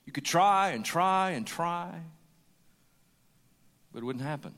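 A man's voice: on the high side, expressive, slow pace, fairly bright tone. A man preaching a sermon with emphasis, repeating his key lines for weight. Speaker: pastor. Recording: hall reverb.

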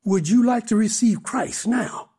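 An actor playing an earnest evangelist in a radio drama, gently persuasive. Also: male voice, high-pitched, measured pace, slightly rough. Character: earnest adult male evangelist.

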